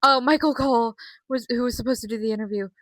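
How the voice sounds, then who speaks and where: Bright chatty young woman vlogger. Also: fairly high pitch, fairly even intonation, quick pace, dry recording. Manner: chatty and profane, with frequent fillers. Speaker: wrestling vlogger. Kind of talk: casual recap vlog.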